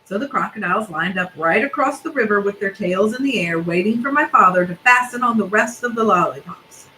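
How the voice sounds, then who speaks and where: A woman reading a storybook aloud in a steady, expressive way, pausing for asides about the pictures. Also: mid-range voice, a little hiss or hum, rough recording.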